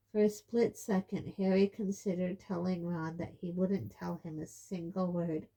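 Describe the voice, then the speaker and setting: A woman reads a novel aloud in an unhurried, steady way. Her voice is a little low and mellow, and she takes her time over every line. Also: slightly rough. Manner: slow, steady storytelling. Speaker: audiobook reader. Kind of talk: audiobook narration.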